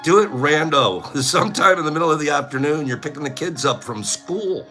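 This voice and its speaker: A man's voice: fairly high pitch, expressive, a little fast, sharp tone, soft background music. A middle-aged man hosting a casual chat, goofy, often laughing and breaking into silly bird calls. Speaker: host.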